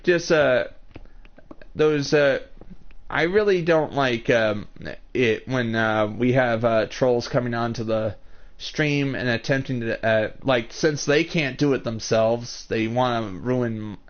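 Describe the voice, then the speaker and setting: A man chatting on a livestream about his channel, talking in a halting, rambling and defensive way. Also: mid-range voice. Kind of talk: casual livestream chat. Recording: dull lo-fi mic.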